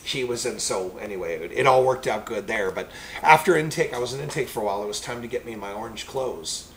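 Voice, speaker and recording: A man who is a preacher, telling a personal testimony story in a rambling, animated way. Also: medium pitch, fast, slight background noise, rough recording.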